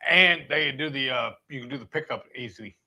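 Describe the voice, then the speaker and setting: A man's voice: mid-range voice, fairly quick, pushed and bright. A man, co-hosting a casual cooking livestream in an easygoing, chatty way. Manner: easygoing, talks to viewers as y'all. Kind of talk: casual live-stream chat.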